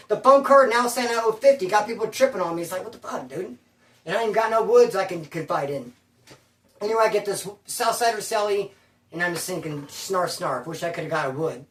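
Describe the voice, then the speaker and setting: A man's voice: sits high, fairly bright tone, far from the mic. A man telling his own prison story in casual first person, full of street slang and calling the listener bro. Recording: roomy sound, away from the mic.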